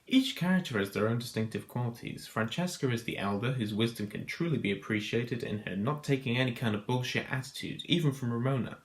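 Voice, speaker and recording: Guy reading his video essay, dry deadpan, mock-grand, normal pitch. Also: brisk, hardly any pauses. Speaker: video host. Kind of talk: scripted video essay narration.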